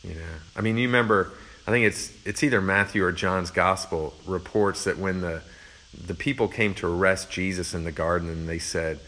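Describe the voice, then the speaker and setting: Low-voiced, conversational male preacher. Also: fairly even intonation, moderate pace, fairly bright tone. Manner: conversational, reflective, with many fillers. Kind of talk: sermon, Bible teaching.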